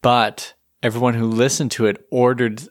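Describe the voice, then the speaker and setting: A man's voice: mid-range voice, flat delivery, normal speed, no echo. Male co-host, chatty and joking, dry close recording. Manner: chatty, joking, plays song clips. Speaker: podcast co-host. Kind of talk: casual chat.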